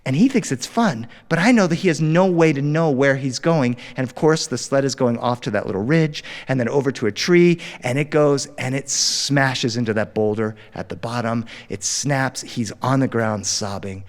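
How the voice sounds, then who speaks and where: Animated male storyteller with long reverb. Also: mid-range voice, normal speed, few pauses. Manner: animated, dramatic, jumps into character voices. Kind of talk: live storytelling performance. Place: recording studio.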